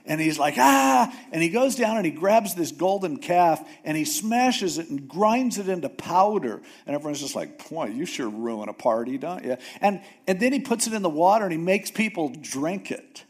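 A man preaching a sermon, retelling a Bible story in a casual, animated way with jokes and acted-out voices. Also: sits high, normal speed, hardly any pauses, breathy edge. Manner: animated storytelling, acts out characters with jokey asides. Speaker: pastor.

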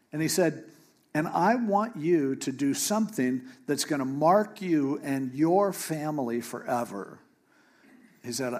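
Male preacher, slightly high voice, animated and playful storyteller. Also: unhurried. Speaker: pastor. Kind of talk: sermon.

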